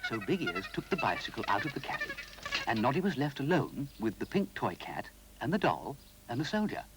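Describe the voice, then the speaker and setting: A man narrating a children's storybook, gentle and expressive. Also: medium pitch, fairly quick, heavy background noise.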